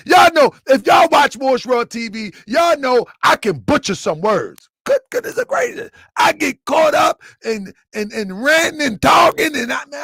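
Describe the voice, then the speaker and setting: A man hosting his own channel, ranting loudly and laughing through animated commentary. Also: high-pitched, gravelly, breathy edge, dry recording, studio quality. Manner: loud, laughing, animated rants. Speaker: channel host.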